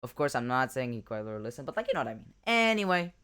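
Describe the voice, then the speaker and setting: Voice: medium pitch, sing-song, rapid-fire, background noise. Rambling reaction-video host. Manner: rambling, filler-heavy, self-correcting. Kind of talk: casual commentary.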